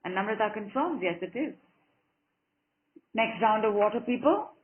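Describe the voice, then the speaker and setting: A woman leads a group session over a call, warm in her encouragement and fond of repeating a line over and over. Her voice comes through thin and phone-like, and it sits at an ordinary pitch for a woman. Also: lively intonation, moderate pace. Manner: encouraging, affectionate, repeats phrases rhythmically. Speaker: spiritual coach leading a group call. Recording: narrow phone-like call audio.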